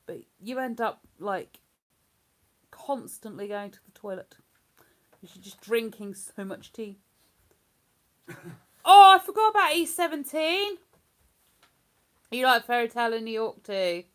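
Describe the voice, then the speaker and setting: A woman's voice: fairly high pitch, big pitch swings, a little slow, long pauses. Chatty woman hosting a stream. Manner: rambling, chatty, breaks into hummed tunes. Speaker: livestream host. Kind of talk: casual chat.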